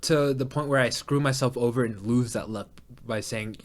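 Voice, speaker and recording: A man's voice: mid-range voice, fairly even intonation, brisk. A young man co-hosting a podcast in casual chat, rambling with restarts and swearing freely. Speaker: podcast co-host.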